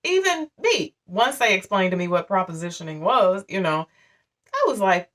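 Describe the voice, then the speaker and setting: Woman, 40s, candid emotional storyteller, mid-pitched voice, set back from the mic. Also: sing-song, normal speed, fairly bright tone, distant mic. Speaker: vlogger. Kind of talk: personal storytelling to camera.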